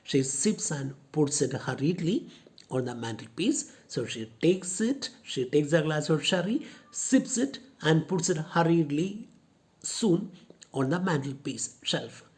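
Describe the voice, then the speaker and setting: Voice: mid-range voice, lively intonation, unhurried, darkish tone. Casting: teacher, explanatory, paraphrases each line. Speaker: college English teacher. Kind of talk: explaining a play in an online class.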